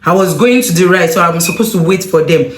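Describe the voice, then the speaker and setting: A woman tells her story casually to her viewers. Her delivery is lively and exclamatory, carried by strong feeling. The room around her rings with a noticeable echo. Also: on the low side, fairly quick. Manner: animated, emotional retelling with exclamations. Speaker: vlogger.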